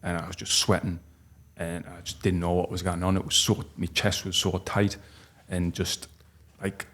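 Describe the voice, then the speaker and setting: A man, telling a personal story as a podcast guest in a halting, heartfelt way with many restarts. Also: low voice, flat delivery, a bit bright. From North East England. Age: 40s.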